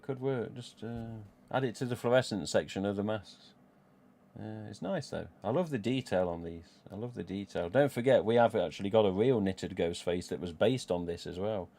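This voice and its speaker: A man's voice: on the low side, dark tone. A middle-aged man with an English Midlands accent, chatting casually on a live stream, rambling and swearing freely as he goes. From England. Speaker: livestream host.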